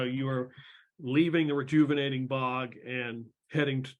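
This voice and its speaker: A male game master narrates a tabletop session at an ordinary pitch. He rambles through the scene with many fillers and hesitations. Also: fairly bright tone.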